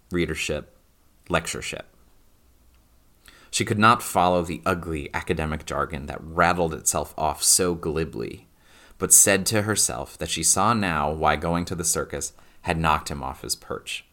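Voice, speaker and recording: A man narrating a classic novel aloud in a measured, expressive reading. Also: sits low.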